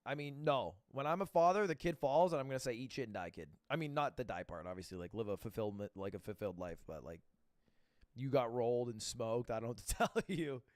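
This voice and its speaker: A man giving casual, joking commentary on videos, expressive and swearing freely. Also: medium pitch, fast talker, clean tone, no room sound, clean studio sound. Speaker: reaction video creator.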